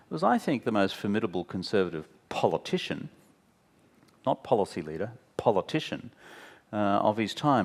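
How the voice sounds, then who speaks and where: A deep-voiced Australian man tells stories on stage in a candid interview. He is animated and wry, slips into mimicking the people he quotes, and speaks bluntly. He sounds like a man in his fifties. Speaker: interview guest, former prime minister. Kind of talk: candid anecdotal conversation on stage. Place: stage at a talk venue.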